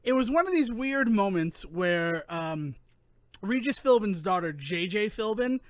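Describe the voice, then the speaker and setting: A man co-hosting a podcast, chatting casually in an animated, rambling way that keeps interrupting itself. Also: sits high, measured pace, no room sound, clean studio sound. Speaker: podcast co-host. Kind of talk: casual chat.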